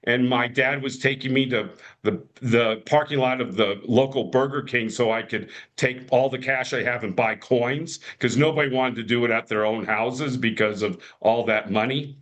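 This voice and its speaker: A man's voice: medium pitch, moderate pace, hardly any pauses, a bit bright. Rambling middle-aged man telling stories. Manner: rambling, frequent restarts and fillers; acts out quoted voices. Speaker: guest. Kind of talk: casual storytelling.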